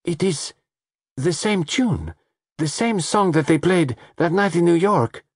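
A man reading aloud, voicing an excitable foreign woman in shrill, agitated outbursts. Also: measured pace, slightly rough, no room sound, clean studio sound. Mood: frightened.

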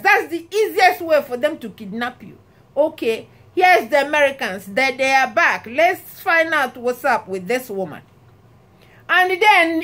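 A woman with a Nigerian accent chats straight to her viewers, her voice sitting high and bright. She tells her stories with lots of exclamations and bursts of laughter. The delivery is loose and conversational. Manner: animated, laughing, exclamatory storytelling. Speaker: vlogger. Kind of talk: casual talk to camera.

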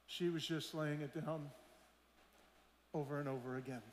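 Man, preacher, storytelling sermon, high-pitched voice, roomy church hall, long reverb. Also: steady tone, moderate pace, a little hiss or hum. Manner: conversational preaching, asks the audience questions, quotes people he met. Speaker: missionary speaker.

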